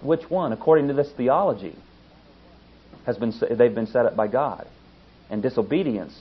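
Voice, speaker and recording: A man's voice: medium pitch, husky. A man giving an earnest, emphatic sermon-style Bible teaching, stressing points as he works through a verse. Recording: dull lo-fi recording.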